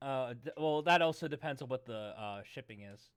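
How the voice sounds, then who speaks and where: A man chatting casually and reading a webcomic aloud, often bursting into loud theatrical readings. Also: mid-range voice, expressive, normal speed, clean tone. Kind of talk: casual chat and comic read-along.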